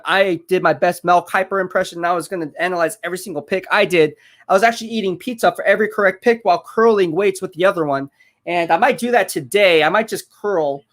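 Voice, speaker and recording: A man runs a live football watch-party stream, reacting to the plays and chatting with his viewers. He's excitable, keeps repeating his points, and has a high-pitched voice.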